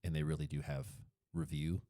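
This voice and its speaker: A man's voice: a bass voice, flat delivery, brisk, dark tone, dry recording, clean studio sound. A man with a Colorado accent, co-hosting a podcast in casual chat, rambling and correcting himself as he goes. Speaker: podcast co-host.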